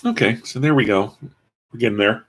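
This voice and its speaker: Slightly fast and medium-pitched, this man's voice has a bit of background noise behind it. Assembling a toy kit on a casual live stream, he rambles along with self-deprecating, dry remarks.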